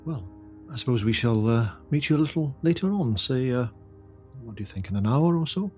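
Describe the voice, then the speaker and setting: A man's voice: mid-range voice, lively intonation, brisk, a little mellow, faint music behind, voice pushed up, natural voice. A man playing a courteous, formal agent who represents a titled lady. He speaks politely and hesitantly, with many filler sounds.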